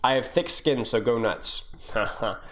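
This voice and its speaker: A man's voice: mid-range voice, a little slow, a bit bright. A young man coaching live on stream, reviewing gameplay in a casual, joking way and answering his viewers. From United States.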